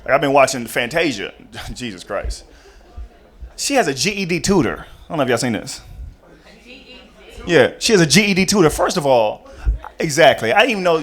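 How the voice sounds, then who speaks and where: A young man doing a stand-up comedy set on a club stage, talking casually and jumping into loud high voices for the people in his stories. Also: moderate pace, long pauses. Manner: animated, jumps into loud high-pitched voices for characters.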